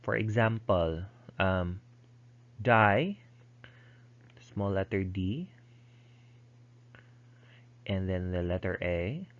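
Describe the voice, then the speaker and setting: In a recorded lecture with dull, lo-fi sound, a man explains things step by step, with frequent ums and restarts. His voice sits low, and he draws out words and pauses often.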